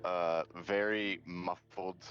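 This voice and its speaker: A man running a tabletop game as game master, speaking in a relaxed, halting way. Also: deep voice. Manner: relaxed, halting, laughs often. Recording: dull lo-fi mic, music behind.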